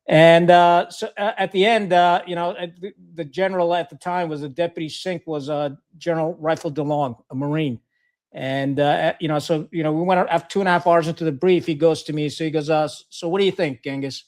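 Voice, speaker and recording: A middle-aged man from Pakistan, a former Marine officer, recounts his service as a podcast guest. His voice sits a little higher than most men's, and he talks frankly, swearing freely and restarting sentences with plenty of fillers. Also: fairly even intonation, fairly quick, darkish tone. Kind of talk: casual storytelling interview.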